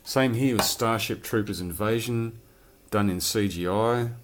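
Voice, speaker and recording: A man's voice: fairly low pitch, unhurried. A man chatting casually and rambling about his film collection, swearing now and then. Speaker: collector showing his films. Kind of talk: casual chat.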